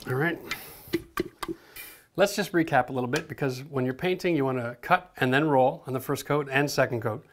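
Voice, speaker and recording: A middle-aged man teaching a hands-on painting lesson in an energetic, coaching way, checking in often with "okay?". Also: medium pitch, normal speed, pauses often. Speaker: home renovation instructor.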